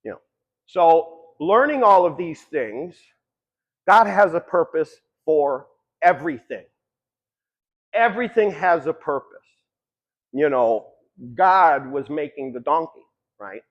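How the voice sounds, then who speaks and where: A man's voice: on the high side, animated, takes it slowly, pauses often, lo-fi sound. A man giving a long-winded, conversational motivational talk about addiction, swearing casually as he tells stories. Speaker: speaker.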